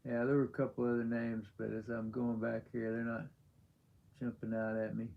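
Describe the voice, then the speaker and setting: A man of middle pitch chats casually on a live stream, answering viewers as he goes. He rambles and halts often, filling gaps with ums and you-knows. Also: level tone, normal speed, creaky, narrow, tinny audio. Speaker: livestream host.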